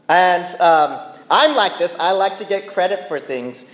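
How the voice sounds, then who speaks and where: A man's voice: sits high, lively intonation, unhurried, few pauses, fairly bright tone. A man preaching a sermon as pastor, conversational and playful, often checking in with the listeners. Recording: echoey church hall with long reverb.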